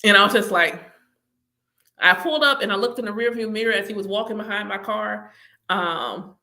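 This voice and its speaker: A woman's voice: mid-range voice, moderate pace, pushed and bright. A woman hosting her own channel, telling personal stories casually with lots of laughter and acted-out reactions. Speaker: channel host.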